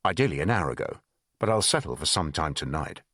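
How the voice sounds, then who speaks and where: A man's voice: a bass voice, big pitch swings, fairly quick, fairly bright tone, dry recording, studio quality, pitched below the performer's own voice, heavily acted. A man voicing a stern senior Soviet intelligence officer who gives curt commands. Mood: commanding.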